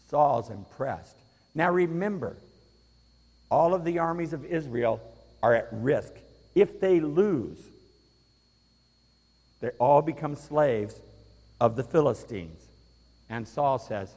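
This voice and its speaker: Gravelly-voiced preacher in a reverberant hall. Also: male voice, medium pitch, slow, long pauses. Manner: lively, rallies congregation to repeat aloud. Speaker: pastor. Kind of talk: sermon. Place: church sanctuary.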